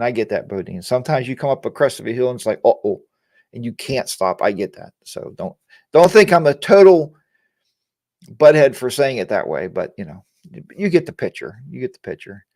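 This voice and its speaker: A man's voice: medium pitch, sing-song, brisk, darkish tone, no echo, studio quality. A man hosting a casual motorcycle live chat, getting worked up and ranting while answering viewers by name. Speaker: live chat show host.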